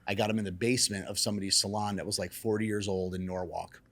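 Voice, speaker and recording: Brief: deeper-voiced man, salon owner guest, lively swearing storyteller. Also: fast, slight background noise. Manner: animated, acts out quotes in raised excited voices; casual, swears freely. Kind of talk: casual storytelling.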